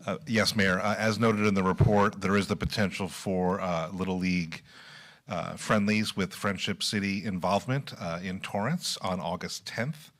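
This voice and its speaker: Low-pitched male staffer, measured council report delivery, frequent ums. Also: fairly bright tone. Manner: measured, many filler pauses. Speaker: city staff presenter. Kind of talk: formal public meeting report.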